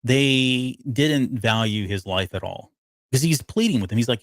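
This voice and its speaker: At a normal speed and in a medium-pitched, slightly bright voice, a podcast co-host casually dissects a TV episode. His delivery rambles, with many fillers and restarts, and there's no room sound.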